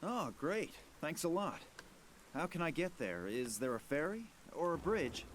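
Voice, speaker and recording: A man's voice: on the high side, sing-song, unhurried, a bit bright, a little hiss or hum. An actor playing a dry, sarcastic young male adventurer in a game. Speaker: game protagonist.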